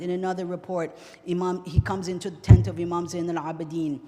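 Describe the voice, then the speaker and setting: A high-pitched male preacher delivers a mourning sermon with great passion, his voice moving between loud and hushed. The sound carries a long reverb, as in a large prayer hall. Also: little pitch movement, fast.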